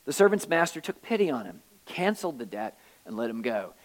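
A pastor with a slightly high, sing-song voice preaches briskly, reading scripture aloud and unpacking it conversationally with wry asides. The recording is rough.

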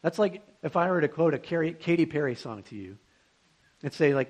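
A man's voice: on the high side, lively intonation, fairly quick. A young man preaching a sermon to students, in a conversational and earnest way, with rhetorical questions.

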